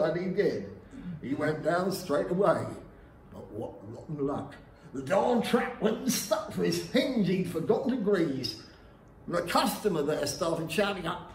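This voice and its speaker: A man performing a comic music-hall song at a folk club, half singing and half speaking, with theatrical shouted outbursts. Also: sits high, big pitch swings, normal speed, slight background noise. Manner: theatrical, with sudden shouted interjections. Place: live folk club room. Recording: echoey room with faint ambience.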